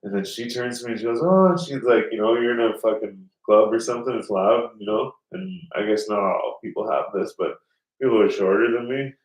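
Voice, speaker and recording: A man's voice: fairly low pitch, steady tone, brisk. A man telling a rambling story in casual podcast chat, swearing often and acting out the people he quotes. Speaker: podcast host. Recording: roomy, mic at a distance.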